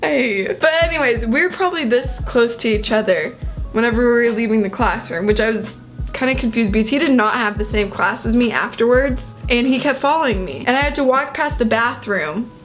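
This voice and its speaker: A woman's voice: fairly high pitch, fairly quick, faint music behind. A young woman in her twenties co-hosting a casual story time chat, telling it with animation. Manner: animated storytelling, quotes herself. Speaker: co-host.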